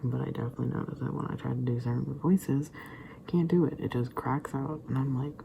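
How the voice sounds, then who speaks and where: A man's voice: medium pitch, a little fast, vocal fry. A young man vlogging in a casual rambling monologue, stammering through restarts and dropping into whispered asides. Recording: steady background noise.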